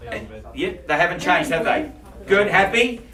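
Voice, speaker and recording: A man calling bids in a live auction, with quick, playful patter for the bidders. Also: sits high, sing-song, pushed and bright. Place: auction room. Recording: echoey room from far off.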